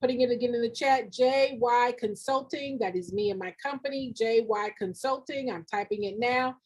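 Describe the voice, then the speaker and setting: A woman's voice: fairly high pitch, moderate pace, a little mellow. A middle-aged woman who coaches nonprofits, talking live to her audience in a direct, preachy way, repeating lines for emphasis and saying y'all and ain't. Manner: colloquial, says y'all and ain't. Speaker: nonprofit grant consultant. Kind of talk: live-streamed motivational talk.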